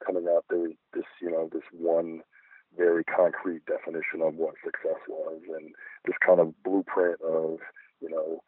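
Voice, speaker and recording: A man's voice: extremely low pitch, completely flat delivery, normal speed, breathy edge, no echo. A middle-aged man, a guest artist, chatting in a reflective, rambling way with many fillers. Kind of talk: casual interview chat. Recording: phone-like dry line.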